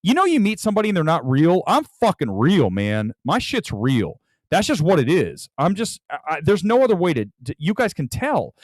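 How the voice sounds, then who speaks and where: A man's voice: fairly high pitch, big pitch swings, normal speed, few pauses, no echo, clean studio sound. A man hosting a casual livestream as a movie critic, ranting bluntly and combatively, often repeating himself for emphasis.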